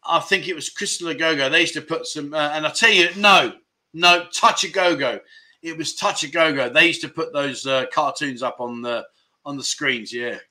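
Reading viewer comments aloud on his casual livestream chat show, set in Pattaya, this man in his 50s rambles on with plenty of fillers and self-corrections. He speaks at a moderate pace in a slightly high, sharp-toned voice.

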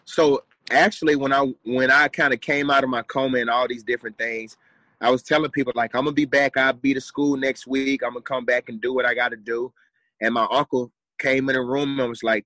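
A young adult man speaks as a podcast guest, earnest and driven, hammering home repeated phrases. His voice is bright and forceful at an ordinary pitch, recorded dry with no room sound. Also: fairly even intonation, fairly quick, no room sound, rough recording. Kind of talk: motivational storytelling.

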